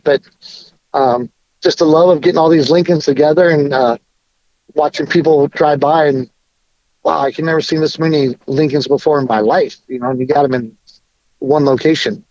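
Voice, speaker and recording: A man's voice: a little high, darkish tone, dry recording. Laid-back man on dull lo-fi audio. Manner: laid-back, easygoing, halting. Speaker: podcast guest. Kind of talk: casual podcast conversation.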